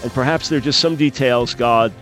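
A man hosting a call-in radio show, answering Bible questions in a measured, explanatory way. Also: medium pitch, fairly bright tone, faint music behind. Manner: measured, explanatory, thoughtful pauses. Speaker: radio talk show host.

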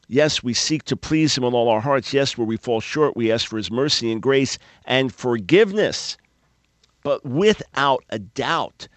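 A man hosting a radio Bible teaching program, speaking with firm preacherly emphasis and landing hard on repeated words. His voice sits at an ordinary middle pitch. The studio microphone gives a close, dry sound with no room echo. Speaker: radio talk show host.

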